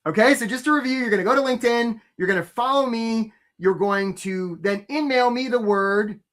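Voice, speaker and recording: A man's voice: very high voice, moderate pace, fairly bright tone. A man coaching job seekers in a live webinar, upbeat and chatty, who keeps asking "right?" and greets viewers by name. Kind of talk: energetic live webinar pitch.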